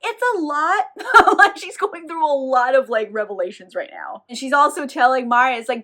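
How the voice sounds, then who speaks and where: A woman's voice: high voice, expressive, moderate pace, pushed and bright. A young woman casually recapping a novel on camera. She talks irreverently, says "like" constantly and laughs often. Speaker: book reviewer.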